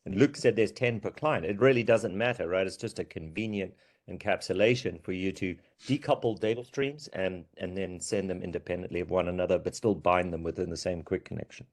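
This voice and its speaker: A man's voice: low voice, fairly quick. A man explaining technical points step by step on a video call, sometimes repeating words as he starts. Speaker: meeting participant. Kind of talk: technical discussion.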